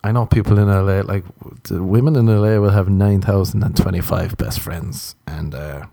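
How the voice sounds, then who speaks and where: An Irish man spins a meandering, foul-mouthed comic story with wry asides. His voice sits on the low side and sounds warm and mellow. The recording is dry, with no room sound. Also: fairly even intonation, normal speed, vocal fry, dry recording. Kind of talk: rambling comic monologue.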